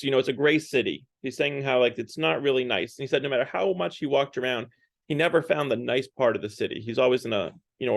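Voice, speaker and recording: At a parish, a man gives a casual Lent talk, loosely retelling a story in a conversational style packed with fillers and hedging words. His mid-range voice has vocal fry, recorded dry at studio quality.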